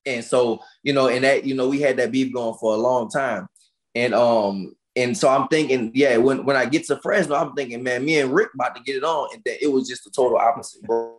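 A man's voice: mid-range voice, a little fast. A man who is a boxer, telling stories in a casual podcast interview, rowdy and profane with lots of slang. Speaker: boxer guest.

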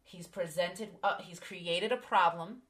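A woman's voice: lowish voice, takes it slowly, fairly bright tone. A woman hosting a podcast, candidly telling a personal story with emphasis. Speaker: podcast host. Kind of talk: casual podcast conversation.

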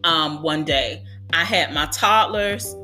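A woman's voice: deep voice, slow, sharp tone, soft background music. A woman hosting a podcast for childcare educators, talking in an earnest, encouraging way and often saying "you know.". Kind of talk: conversational advice monologue.

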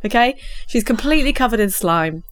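A woman's voice: fairly high pitch, lively intonation, fairly quick. Gleeful woman spinning a prank tale. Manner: gleeful, laughs through her own prank story. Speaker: podcast co-host. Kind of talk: comic storytelling chat.

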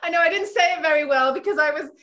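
An actress being interviewed, chatty and animated, laughing often as she tells an anecdote. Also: high-pitched, racing. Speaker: actress guest. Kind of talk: casual interview chat.

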